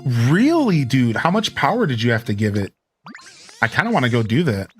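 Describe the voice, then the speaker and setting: A man's voice: medium pitch, very animated, normal speed, slightly rough, soft background music. A man casually commentating a game stream, greeting chat and humming along. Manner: laid-back, says dude, greets chat, hums along. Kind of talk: casual let's play commentary.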